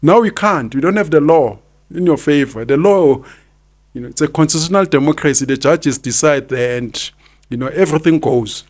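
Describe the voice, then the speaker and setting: A man's voice: a little high, moderate pace, a little mellow. A South African man in his fifties hosting a podcast, giving opinionated commentary and hammering home his points by repeating them. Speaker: podcast host.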